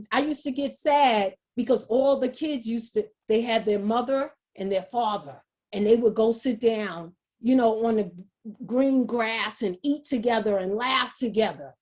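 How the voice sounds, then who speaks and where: Husky-voiced woman sharing her story. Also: a little high, a little mellow. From New York, USA. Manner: earnest, halting, repeats words. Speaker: guest speaker. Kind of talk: emotional personal testimony. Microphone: video call.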